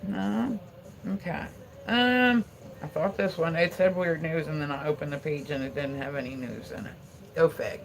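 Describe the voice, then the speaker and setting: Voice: mid-range voice, normal speed, creaky, a little hiss or hum. A livestreamer in their forties from Pennsylvania, chatting casually at home in a rambling way, full of "like"s, with frequent laughter and casual swearing. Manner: rambling, filler-heavy, swears freely, laughs often.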